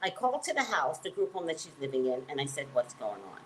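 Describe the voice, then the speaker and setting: A woman who works as a psychic reader, telling a personal story in an emphatic, animated way and acting out the dialogue. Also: sits low, fast talker, slight background noise, low-quality recording.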